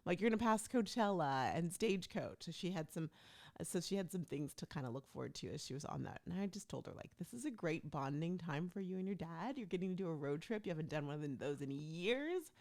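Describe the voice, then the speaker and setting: Lively chatty woman telling a story. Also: fairly low pitch, fairly quick. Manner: chatty, animated, acts out quoted people. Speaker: podcast host telling a travel story. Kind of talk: casual storytelling monologue.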